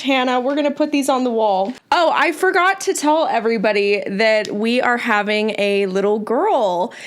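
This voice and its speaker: A young woman vlogging, shifting between indignant commentary and gushing excitement. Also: on the high side, normal speed, hardly any pauses, a little hiss or hum. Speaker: commentary YouTuber. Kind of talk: commentary vlog.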